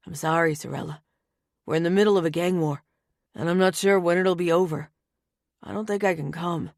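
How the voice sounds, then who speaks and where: A woman's voice: lowish voice, fairly quick, vocal fry, a little mellow, no room sound, clean studio sound. A woman voicing a young mafia man who stays cheerful and blasé, in an audiobook. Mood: apologetic. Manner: blasé, cheerful under fire. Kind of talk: audiobook character voice.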